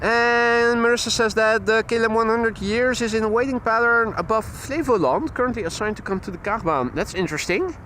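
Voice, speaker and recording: A Dutch man hosting a live plane-spotting stream outdoors beside an airport runway, giving steady, informative commentary on arriving flights. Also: extremely high pitch, fairly quick, hardly any pauses, a little hiss or hum. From Netherlands. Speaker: plane-spotting livestream host.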